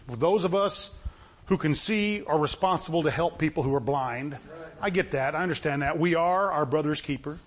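A man preaching a sermon as pastor, impassioned and rising to loud bursts. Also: fairly high pitch.

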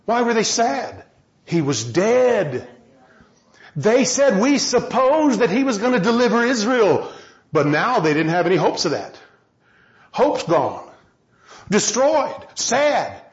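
Impassioned preacher man, lively high voice. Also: slow pace, pauses often, roomy sound, dull audio. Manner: impassioned, swings from loud shouting to low quiet. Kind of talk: sermon.

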